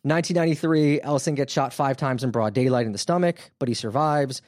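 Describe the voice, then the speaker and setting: A man's voice: medium pitch, fast talker, darkish tone, dry recording, clean studio sound. A man hosting a podcast, telling a crime story in a casual, wry, conversational way with lots of fillers. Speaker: podcast host.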